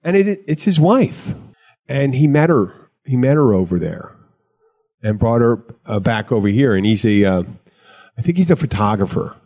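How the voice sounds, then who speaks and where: A man's voice: mid-range voice, sing-song, normal speed, dark tone. Rambling, chatty middle-aged man host. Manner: chatty, rambling with frequent restarts and laughs. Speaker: podcast host. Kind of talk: casual chat.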